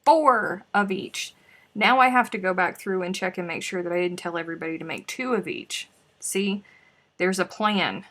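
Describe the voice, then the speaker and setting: A woman's voice: lowish voice, brisk, fairly bright tone. A woman hosting a crochet live stream, chatting casually and muttering to herself as she hunts for her notes. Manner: chatty, scatterbrained, talks to herself. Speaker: crochet livestream host.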